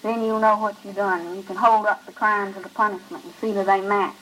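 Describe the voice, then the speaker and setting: A woman's voice: mid-range voice, brisk, slight background noise, lightly acted, poor audio. A woman reading a grim drawling outlaw. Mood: brooding. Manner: flat rural drawl, grim and matter-of-fact. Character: cold, brooding male outlaw who kills calmly.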